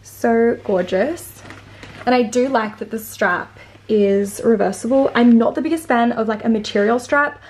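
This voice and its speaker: A woman with an Australian accent and a fairly high voice chats at a moderate pace through a casual unboxing vlog at home. She gushes as she goes, peppering her talk with "like" and "um."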